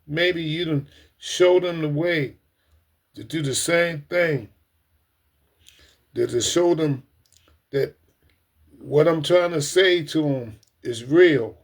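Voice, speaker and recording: A man hosting a casual livestream, talking earnestly and emotionally to his viewers, often repeating himself and addressing them as ladies and gentlemen. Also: fairly high pitch, takes it slowly, long pauses. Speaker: livestream host.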